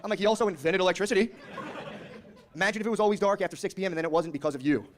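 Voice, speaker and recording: Male stand-up in his thirties, brash and profane, fast delivery, slightly high voice, live club mic with faint room noise. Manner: brash, profane, riffing with the crowd, acting out characters. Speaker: stand-up comedian. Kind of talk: stand-up comedy set. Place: comedy club stage with a live audience.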